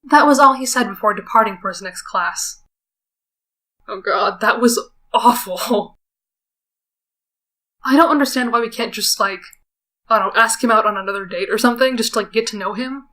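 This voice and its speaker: A woman's voice: fairly high pitch, moderate pace, long pauses, bright, forceful tone. Wry young-sounding woman reading a visual novel. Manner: wry, self-conscious asides between read lines. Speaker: let's player.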